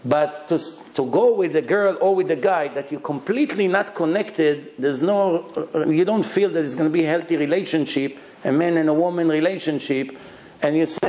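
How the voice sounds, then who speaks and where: Emphatic rabbi giving an animated Torah lecture. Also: male voice, fairly high pitch, moderate pace, echoey room. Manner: animated, emphatic, with quoted dialogue.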